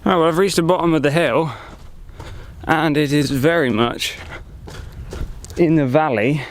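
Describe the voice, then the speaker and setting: A man's voice: fairly high pitch, a little slow. A man vlogging outdoors in a forest, chatting and joking as he thinks aloud into a handheld camera. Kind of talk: casual vlog commentary.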